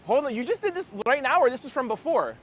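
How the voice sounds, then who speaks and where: A man giving casual commentary outdoors, excitable and saying "yo" a lot. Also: extremely high pitch, quick pace, some chatter behind.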